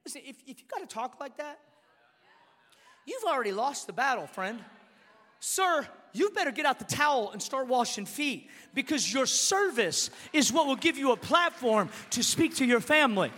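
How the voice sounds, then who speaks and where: A man with a very high, bright voice delivers an impassioned sermon in a reverberant church hall. He swings from forceful declarations down to soft, hushed passages. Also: very animated, moderate pace. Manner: impassioned preaching, rising and dropping to a hush. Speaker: pastor.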